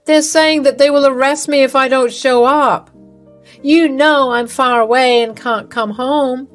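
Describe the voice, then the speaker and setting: A woman's voice: sits high, steady tone, measured pace, soft background music, voice pushed up. A woman voicing a scheming older mother-in-law in a narrated story, indignant and pushy. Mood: panicked.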